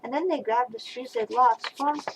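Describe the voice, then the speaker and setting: An older woman, a grandmother, reading a rhyming picture book aloud to a small child over a webcam, with soft asides between verses. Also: fairly high pitch, normal speed, background noise.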